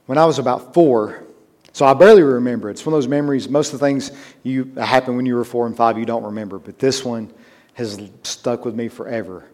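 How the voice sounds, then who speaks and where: A man's voice: mid-range voice, brisk, darkish tone. A man preaching a sermon, telling a personal story in a conversational way that builds to emphatic urgency.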